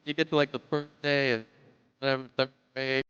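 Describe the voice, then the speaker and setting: A man's voice: mid-range voice, little pitch movement, fairly quick, fairly bright tone, slight background noise. A man doing a stand-up comedy monologue in a musing, profane way on a club stage. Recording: dull lo-fi live recording.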